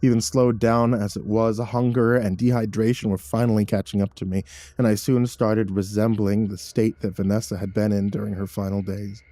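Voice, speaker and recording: A man reads a horror story aloud in a low, mellow voice, keeping a measured and somber pace. The sound is close and dry, with no room around it. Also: level tone, dry recording. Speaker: narrator. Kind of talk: scripted horror story narration.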